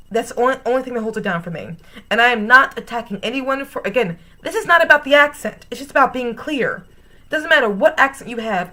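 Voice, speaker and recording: An American woman giving a casual, opinionated fan review in an animated, emphatic way. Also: fairly high pitch. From United States.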